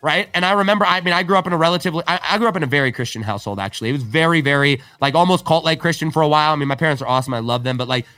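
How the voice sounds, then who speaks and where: A man's voice: a little high, rapid-fire, few pauses, sharp tone, no room sound. A man talking casually on a podcast. He tells stories animatedly, acts out quoted dialogue, and says "right?" and "like" a lot. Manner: frequent filler "right?" and "like". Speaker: podcast guest.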